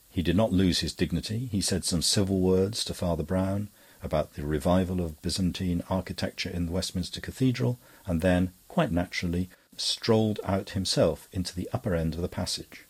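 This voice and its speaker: A man narrating an audiobook with a measured, even reading style. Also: low voice, husky. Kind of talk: scripted narration.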